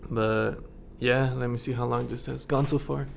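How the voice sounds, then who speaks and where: A man's voice: mid-range voice, fairly even intonation, normal speed, creaky, soft background music. A young man from the United States talking casually to his camera in a rambling vlog, full of fillers and frequent chuckles. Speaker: vlogger.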